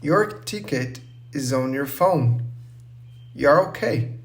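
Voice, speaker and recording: A man voicing Anna, a calm young woman. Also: on the high side, slow pace. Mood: reassuring. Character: calm, teasing young woman, best friend.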